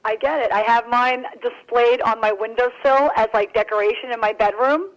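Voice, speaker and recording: A woman's voice: a little high, fairly even intonation, normal speed, poor audio. A woman guest on a radio interview, talking in a bubbly, rambling way with lots of fillers. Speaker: author and guest. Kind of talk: casual radio interview chat.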